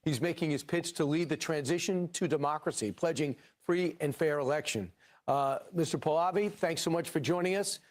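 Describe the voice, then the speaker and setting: A male TV news anchor opening an interview in a brisk, polished broadcast manner. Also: a little high.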